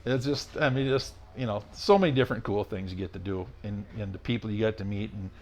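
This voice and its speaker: A man in his sixties, a retired race car driver as a podcast guest, telling stories in a blunt, rough-spoken, rambling way. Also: fairly low pitch, quick pace, a little mellow. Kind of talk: casual storytelling interview.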